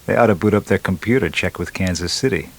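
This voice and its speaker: A man's voice: low voice, fast, gravelly, low-quality recording. A man doing a sardonic joking killer. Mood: mocking. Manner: mocking, wisecracking inner monologue. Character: gleeful male serial killer, sardonic, joking.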